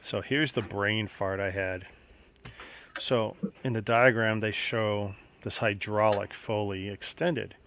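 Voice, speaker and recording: A low-voiced man with a gravelly edge chats through a livestream build. He muses aloud, reacting to each step. A faint noise sits under the recording. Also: fairly even intonation, slow pace, fairly bright tone. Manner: chatty, musing aloud while building. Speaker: livestream host building a model kit. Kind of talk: casual livestream chat.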